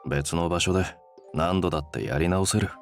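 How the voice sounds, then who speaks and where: A man's voice: low voice, racing, soft background music. An actor playing a brusque, teasing older male office director in a game. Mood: gruff, teasing. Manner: brusque, teasing, rough speech. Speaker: game character.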